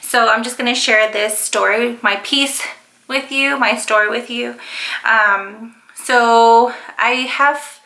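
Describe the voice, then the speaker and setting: Bright-voiced chatty young woman vlogging. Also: a little high, fairly even intonation, slow pace, vocal fry. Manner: rambling, chatty, with frequent fillers. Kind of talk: casual storytelling vlog.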